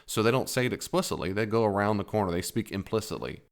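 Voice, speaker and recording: Middle-aged man, low voice, casual psychology talk, lively and given to playful quoted voices. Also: quick pace. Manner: animated, laughs at his own jokes, acts out quotes in a higher voice. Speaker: psychology teacher.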